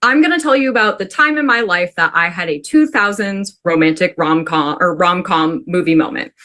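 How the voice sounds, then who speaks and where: A woman from the Pacific Northwest telling a personal story to a class in an animated, chatty way, full of "like". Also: on the low side, normal speed. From Pacific Northwest, USA. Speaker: student storyteller.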